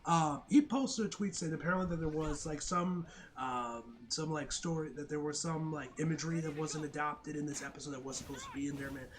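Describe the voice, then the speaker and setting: A young man casually recapping and reviewing an anime episode, excitable, swearing and tacking "man" onto most sentences. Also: fairly high pitch, a little fast, few pauses, slight background noise.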